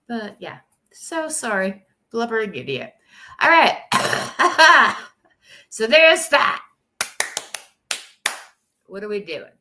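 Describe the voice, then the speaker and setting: A woman's voice: fairly high pitch, sing-song, drawn-out words, pauses often, pushed and bright. A woman streaming live, crying and rambling with nervous laughs as she talks to her chat. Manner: tearful, rambling, laughing through tears. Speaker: livestreamer. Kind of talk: casual livestream chat.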